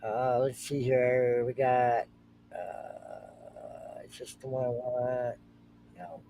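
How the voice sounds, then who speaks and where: A man's voice: medium pitch, steady tone, extremely slow, background noise. A man co-hosting a reaction show, chatting casually and joking, humming to himself while he searches for clips.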